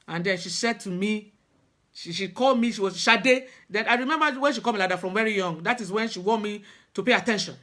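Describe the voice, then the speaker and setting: A woman's voice: medium pitch, fairly bright tone. Earnest middle-aged woman. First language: Yoruba. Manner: earnest, halting, with many restarts. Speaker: spiritual practitioner. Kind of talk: personal storytelling talk.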